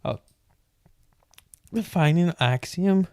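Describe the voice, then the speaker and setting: A man with a fairly high voice reads a book aloud in a relaxed late-night way. He trips over words and wanders off into joking asides before picking the text back up. The sound is dry and close, with no room echo. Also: slow. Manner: stumbles over words, breaks off into joking rants. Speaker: streamer reading aloud.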